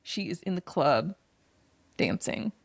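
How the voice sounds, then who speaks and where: A woman's voice: on the low side, takes it slowly, vocal fry, no room sound. A woman co-hosting a podcast, casually recapping a movie and acting out bits of dialogue. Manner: animated retelling, acts out quotes. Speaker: podcast co-host.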